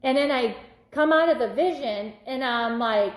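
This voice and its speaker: Woman, higher voice, lively storytelling testimony, echoey room. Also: normal speed. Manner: animated storytelling, acts out quoted voices. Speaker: minister sharing a testimony. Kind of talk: casual testimony.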